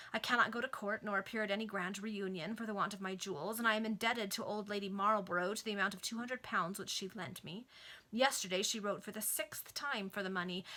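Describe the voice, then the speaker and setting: A woman's voice: medium pitch, sharp tone, natural voice. A woman voicing a proud, impatient aristocratic lady in a Victorian novel read aloud, pleading and emphatic.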